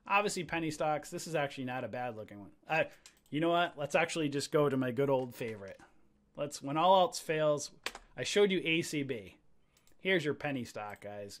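A man teaching a live trading webinar in an energetic, ranting way, calling out to his viewers like a preacher. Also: on the high side, normal speed, slight background noise. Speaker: trading educator. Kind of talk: livestream webinar on stock charts.

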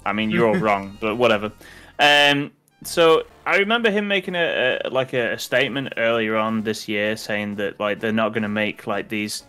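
Rambling British dad chatting casually. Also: male voice, fairly low pitch, moderate pace, bright, forceful tone, clear, resonant tone, soft background music. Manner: rambling, lots of fillers and restarts. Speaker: co-host. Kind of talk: casual chat over gameplay.

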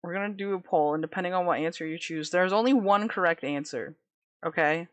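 A woman's voice: fairly low pitch, fairly quick, no room sound. A woman streaming live, chatting casually with viewers in a giggly, dramatic way, laughing often.

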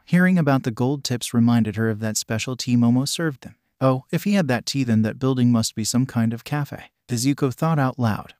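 Male narrator for a fan story, even, steady delivery, dry sound. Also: mid-range voice, no room sound. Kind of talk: reading a fan story aloud.

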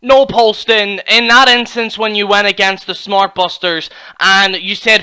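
A man's voice: high-pitched, normal speed, hardly any pauses, pushed and bright. A man giving heated, mocking reaction commentary, swearing constantly as a YouTube commentator.

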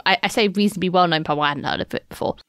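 A woman's voice: lowish voice, rapid-fire, a bit bright, no room sound, studio quality. A woman from Britain co-hosting a casual book podcast, talking in a rambling way with frequent self-corrections. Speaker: podcast co-host.

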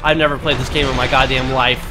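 A young man giving let's play commentary, excitable and panicky, swearing and trash-talking the enemies as he plays. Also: medium pitch, fast, music in the background. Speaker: gaming commentator.

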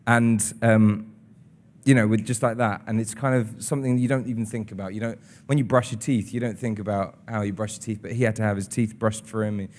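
A young adult man, an actor being interviewed before an audience, speaking in an earnest, reflective way with halting restarts. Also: on the low side, steady tone, a little mellow. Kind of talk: casual interview talk. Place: studio interview in front of an audience.

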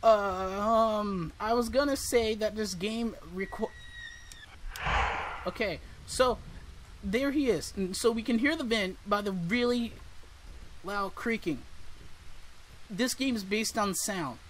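A man's voice: high-pitched, slow pace, pauses often, a little hiss or hum, poor audio. A man commentating a horror game as he plays, nervous and jumpy, talking back to the characters on screen. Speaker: gaming YouTuber.

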